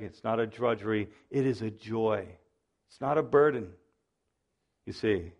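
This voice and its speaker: A man preaching a sermon to a congregation, swinging from loud rises to soft drops and calling out "listen" and "you see.". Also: a little high. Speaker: pastor.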